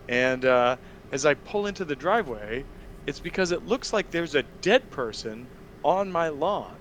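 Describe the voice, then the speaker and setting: A man's voice: a little high, normal speed, a little hiss or hum. A man at a tabletop game table, ranting and telling a story with lots of swearing and filler words. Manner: profane, animated storytelling with lots of "like". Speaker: player. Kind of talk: heated out-of-character table talk.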